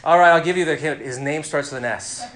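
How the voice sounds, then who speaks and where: A man teaching a Bible class, lively and interactive, quizzing his listeners and calling on them by name. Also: on the high side, fairly quick, roomy sound.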